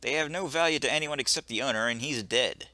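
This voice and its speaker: A man voicing a sardonic gentleman cat burglar in a put-on British accent, deadpan and wry, for a video game. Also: medium pitch, quick pace, no room sound, natural voice. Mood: dry. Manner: dry, deadpan, wry asides. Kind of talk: video game voice-over reading.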